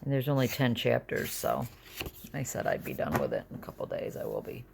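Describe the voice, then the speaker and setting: A middle-aged woman talks in a casual, confessional vlog from her bed at home. Her voice is gravelly and she rambles, often trailing down to a near-whisper. Faint background noise sits under the recording. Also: very deep voice, wildly swooping pitch, a little fast, darkish tone. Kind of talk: casual personal vlog, venting.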